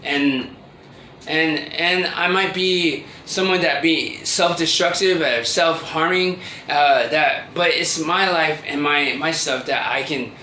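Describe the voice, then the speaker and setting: Guy in his 30s rambling to camera, kinda high bright voice, echoey room w faint hum. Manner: rambling, halting, with many restarts and fillers. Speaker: vlogger. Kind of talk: confessional monologue to camera. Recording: roomy echo with faint ambient noise.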